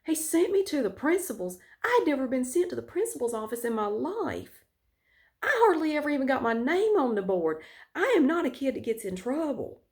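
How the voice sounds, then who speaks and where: A woman's voice: high voice, very animated, a little fast, a little mellow. A woman vlogger telling a personal story in a candid, frank way with casual swearing.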